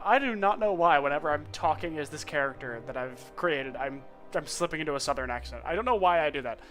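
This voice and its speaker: A man's voice: fairly high pitch, expressive, fast, hardly any pauses, fairly bright tone, soft background music. A man from the United States streaming a video game, chatty and rambling as he reads his character's lines aloud. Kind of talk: casual gameplay commentary.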